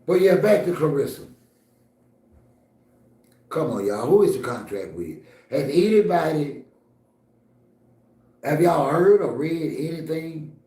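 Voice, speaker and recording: A man's voice: a little high, expressive, slow, pauses often, mellow, reverberant. A man hosting a casual livestream, talking straight to his chat in a blunt, scolding, streetwise way. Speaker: livestream host.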